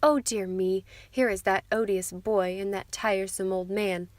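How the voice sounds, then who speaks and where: A woman's voice: mid-range voice, fairly even intonation, measured pace, no echo, close to an everyday voice. A woman voicing a gushing, snobbish society mother who talks in an affected, effusive way. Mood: haughty.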